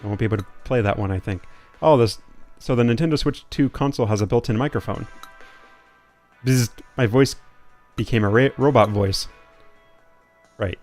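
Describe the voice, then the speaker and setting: A man's voice: mid-range voice, normal speed, long pauses, darkish tone, faint music behind. A young man giving casual, playful commentary while he plays a video game, thinking aloud as he goes. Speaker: gaming streamer.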